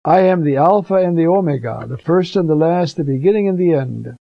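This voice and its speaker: A man's voice: fairly high pitch, moderate pace, vocal fry, dry recording. An older man, a priest, giving a conversational, earnest commentary on scripture readings for preachers. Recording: dull, dry recording.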